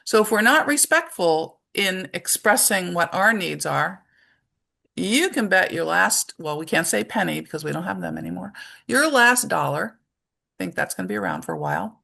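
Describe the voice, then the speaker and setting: A woman's voice: mid-range voice, lively intonation, normal speed, vocal fry, pushed and bright. A woman presenting a webinar to parents and teachers, speaking conversationally and explaining her points through everyday examples.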